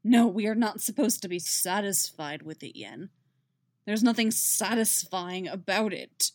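A woman voicing a weary, guarded grown man who speaks low, quiet and measured while he grieves. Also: fairly even intonation, no room sound, natural voice. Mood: sharp.

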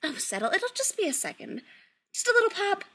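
A woman's voice: very high-pitched, wildly swooping pitch, fairly quick, fairly bright tone, voice pushed up, exaggerated voice. A woman voicing a bubbly, doting middle-aged witch mother who chatters sweetly. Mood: chattering.

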